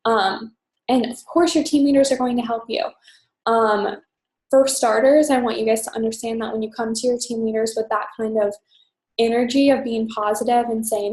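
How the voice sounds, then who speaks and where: A young woman team leader giving a fast, chatty, upbeat orientation talk full of "um" and "you guys". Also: on the high side, fairly even intonation, a little mellow. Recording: echoey room.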